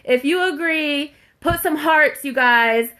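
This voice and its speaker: Chatty heartfelt woman, bright voice. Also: sits high, slow pace. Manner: chatty, heartfelt, fills talk with "like" and "you guys". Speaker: livestream host reading viewer comments. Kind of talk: casual live chat with viewers. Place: at home.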